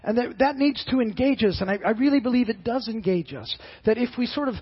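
Earnest husky pastor preaching, halting restarts. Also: male voice, very high voice, muffled recording. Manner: earnest, halting with frequent repeated words. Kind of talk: sermon.

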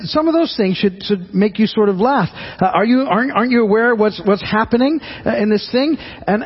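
A man's voice: high-pitched, slightly rough, dull audio. A man preaching a sermon in an earnest, conversational way, often restarting and repeating his words. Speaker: pastor.

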